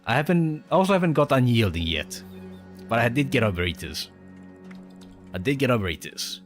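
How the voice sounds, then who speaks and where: A man's voice: mid-range voice, sing-song, moderate pace. A man streaming a game, chatting casually with a mixed Spanish and Australian accent, a native Spanish speaker who rambles and chuckles often. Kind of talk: casual live-stream chat. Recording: faint game music behind.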